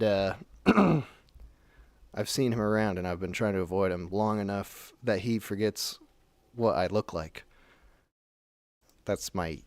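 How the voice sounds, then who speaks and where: A man's voice: on the low side, no echo. A man calling in to a talk show, telling a story in a rambling, casual way with many restarts. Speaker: caller.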